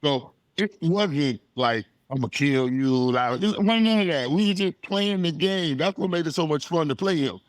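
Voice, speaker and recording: A middle-aged man, a former football player telling animated stories on a podcast, acting out quotes and laughing often. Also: fairly high pitch, normal speed, few pauses, dry recording, studio quality. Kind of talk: casual storytelling.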